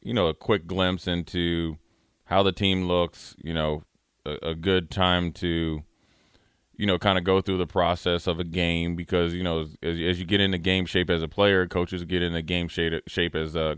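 A man's voice: sits low, fairly bright tone, smooth, no room sound, clean studio sound. A man who once played the game, co-hosting a sports talk show in a rambling, filler-heavy way. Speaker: sports radio co-host, former player.

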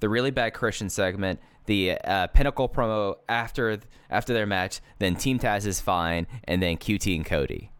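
A man's voice: lowish voice, moderate pace, hardly any pauses, a bit bright, clear, resonant tone, dry recording. A man in casual podcast chat who argues his point and stumbles on repeated words. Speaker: podcast co-host.

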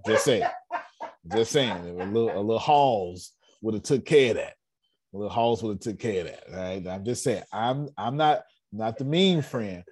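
A man's voice: lowish voice, expressive, moderate pace, a little mellow. A man coaching an online business meeting in a blunt, joking way, repeating his phrases with a preacher-like rhythm. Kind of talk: animated motivational talk.

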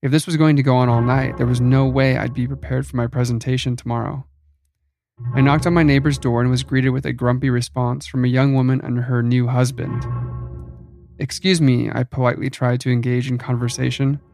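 Gravelly man narrating a horror story. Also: mid-range voice, little pitch movement, brisk, darkish tone, faint music behind.

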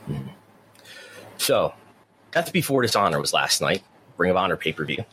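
Deep low-voiced guy cohosting a podcast, chatty, restarts his sentences a lot, faint room hum. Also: very animated, normal speed, pushed and bright. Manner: chatty, repeats words when starting sentences. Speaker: podcast co-host. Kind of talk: casual podcast chat.

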